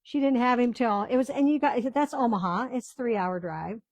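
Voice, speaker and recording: A grandmotherly woman in her sixties talks to her viewers as she paints, spinning one family story into the next. Her voice has a gravelly fry to it, and it sounds close and dry with no room around it. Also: a little high, fairly quick, a little mellow, no room sound. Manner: chatty, rambling storyteller talking to viewers. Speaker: craft video host. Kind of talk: casual chat while crafting on camera. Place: small-town home.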